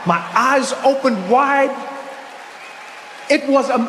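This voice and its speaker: A man's voice: a little high, normal speed. A man from South Africa telling a stand-up story on stage, acting out the people in it with sudden jumps in his voice. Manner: animated, acts out characters with voice jumps. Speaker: stand-up comedian. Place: large theater stage. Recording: live hall with faint crowd noise.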